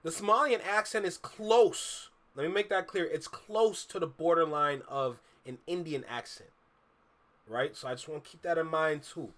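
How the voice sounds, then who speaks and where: Hosting a reaction video, a man from Canada with a Toronto accent comments casually over a clip at normal speed. His voice is fairly high and a bit bright, and his opinions come across emphatically, with points repeated.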